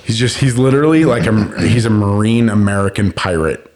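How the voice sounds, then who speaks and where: A man's voice: on the low side, expressive, a little fast, darkish tone. A young man chatting casually on a podcast, rambling through a story with lots of fillers and frequent laughter. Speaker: podcast host.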